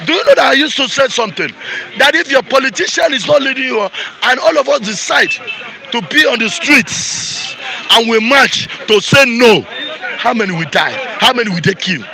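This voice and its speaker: A man's voice: very high voice, lively intonation, normal speed, vocal fry, noisy background. A Nigerian man with a Nigerian accent, giving an angry, repetitive rant in a street interview.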